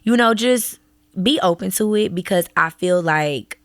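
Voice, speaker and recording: A woman in her twenties co-hosting a casual chat podcast, sassy and animated, full of slang. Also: mid-range voice, a little slow, dry recording. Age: 20s. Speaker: podcast co-host. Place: Dallas.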